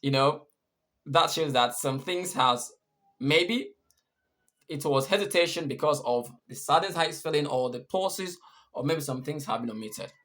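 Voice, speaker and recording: A man's voice: on the high side, expressive, unhurried, fairly bright tone. A man teaching English punctuation, patiently repeating and rephrasing each point. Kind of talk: explaining punctuation rules.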